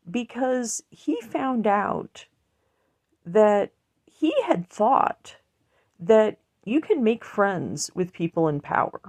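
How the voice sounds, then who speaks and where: Slow, gravelly-voiced earnest woman. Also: fairly high pitch, a little mellow. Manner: earnest, blunt, rambling with restarts. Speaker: online commentator. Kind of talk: emotional personal monologue.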